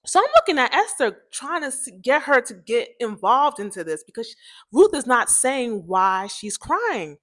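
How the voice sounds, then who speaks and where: A woman's voice: big pitch swings, normal speed, fairly bright tone. A woman hosting a podcast, telling a personal story in a chatty, candid way, talking straight to her listeners and acting out what people said. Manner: chatty, addresses listeners directly, acts out quoted dialogue; candid, self-described pitchy, cracky voice.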